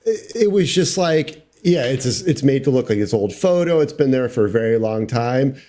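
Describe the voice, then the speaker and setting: A man's voice: mid-range voice, expressive, moderate pace, warm tone. Easygoing man in podcast chat. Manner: easygoing, many fillers and agreeing murmurs. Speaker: podcast co-host. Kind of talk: casual chat.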